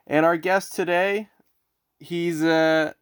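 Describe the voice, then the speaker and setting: A man's voice: on the high side, steady tone, slow, clear, resonant tone. A man from Canada, hosting a podcast in a casual, friendly chat, teasing and playing along with jokes. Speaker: podcast host.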